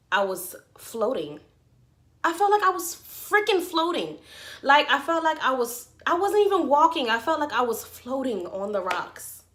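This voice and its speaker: A young woman vlogger telling a story to her viewers in an animated, slangy way. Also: medium pitch. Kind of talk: storytime vlog.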